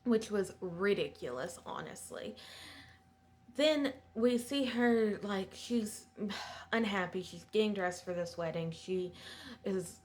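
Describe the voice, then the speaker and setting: A woman's voice: mid-range voice, animated, takes it slowly. A woman giving a chatty, digressive recap of a TV episode in a sympathetic tone. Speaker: show recapper.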